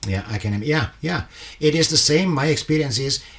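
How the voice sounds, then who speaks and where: A man's voice: fairly high pitch, expressive, brisk, a bit bright. A man hosting an interview, agreeing often and telling his own experiences with hesitant, filler-heavy speech. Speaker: interviewer host. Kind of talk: conversational interview.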